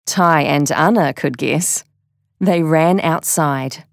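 Aussie woman reading a kids story, slow, lowish voice, dry sound. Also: dry recording. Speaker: narrator. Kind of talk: children's storybook narration.

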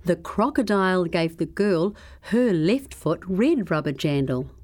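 A woman reading a children's story aloud in a slow, expressive, measured way. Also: fairly low pitch.

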